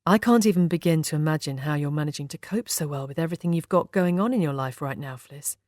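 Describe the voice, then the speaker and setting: A woman voicing a caring young man who speaks softly and tenderly, in an audiobook reading. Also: sits low, fast, no room sound, clean studio sound, close to an everyday voice.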